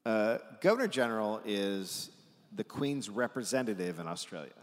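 Sex: man. Role: comedy podcast host. Style: live comedic history storytelling. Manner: lively swings in pitch, casual swearing. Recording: live stage, long hall reverb. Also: moderate pace. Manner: animated, swears casually, dry asides.

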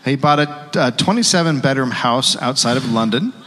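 A man tells a story wryly on a live comedy stage, his voice bright and forward. A long hall reverb trails each line. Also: mid-range voice, expressive, moderate pace. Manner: wry, storytelling. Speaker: comedy podcast co-host.

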